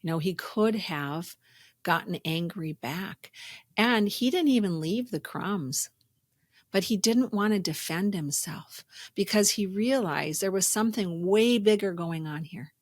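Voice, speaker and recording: A woman's voice: on the low side, dry recording, clean studio sound. A woman hosting a spiritual self-help podcast, talking in an earnest, reflective way and telling stories. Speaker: podcast host.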